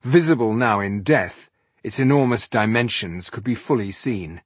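A man reading a fantasy novel aloud as an audiobook narrator, in a measured, dramatic storytelling manner. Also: lowish voice, husky, dry recording.

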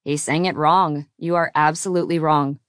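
A woman's voice: deep voice, fairly even intonation, moderate pace, clear, resonant tone, no room sound, natural voice. A woman voicing a confident, teasing man who banters smugly with his lover. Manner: dry, smug banter.

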